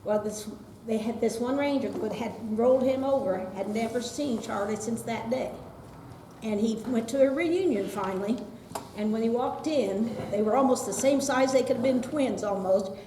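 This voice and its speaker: A woman's voice: fairly high pitch, normal speed, warm tone. A woman from the audience telling an informal, chatty story. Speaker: audience member sharing a story. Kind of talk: informal anecdote. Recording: roomy hall with background noise.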